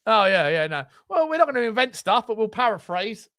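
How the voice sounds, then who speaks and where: A man co-hosts a relaxed football chat show. He sounds high and bright, laughs often and keeps up a friendly patter of viewer shout-outs, recorded close and dry. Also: a little fast, dry recording. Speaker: co-host. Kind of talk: casual football podcast chat.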